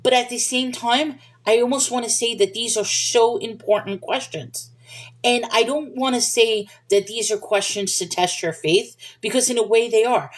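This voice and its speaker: A woman's voice: a little high, moderate pace. A woman hosting a livestream, answering viewers' questions in a casual, rambling Bible discussion and apologizing for wandering off topic.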